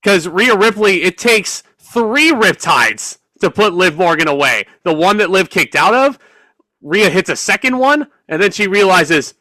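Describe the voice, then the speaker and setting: A man's voice: high voice, expressive, measured pace, bright, forceful tone, no room sound, poor audio. A young man co-hosting a podcast, chatting casually and with a bit of profanity in fan slang. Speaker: podcast co-host. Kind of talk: casual chat.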